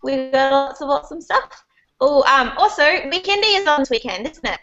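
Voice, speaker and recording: A woman's voice: sits high, lively intonation, a little fast, a bit bright, lo-fi sound, soft background music. A woman hosting a casual livestream chat, rambling and giggly as she wraps up. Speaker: host.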